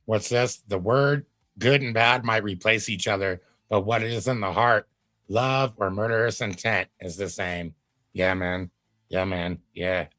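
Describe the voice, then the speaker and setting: A man's voice: lowish voice, fairly even intonation, a little slow, bright, forceful tone, dry recording. A man giving casual live commentary as a reaction streamer, laid-back and folksy, with drawling asides to his chat.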